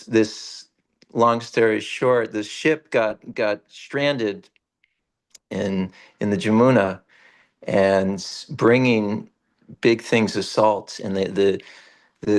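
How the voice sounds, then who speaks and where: A man leading a morning scripture class, retelling a devotional story and acting out the speakers in a raised voice. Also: gravelly. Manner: animated retelling, rising high for quoted characters.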